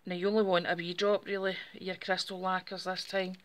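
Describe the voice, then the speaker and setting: A woman's voice: on the low side, little pitch movement, fairly quick. A woman, hosting a casual craft tutorial and chatting step by step in a friendly way. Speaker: craft channel host.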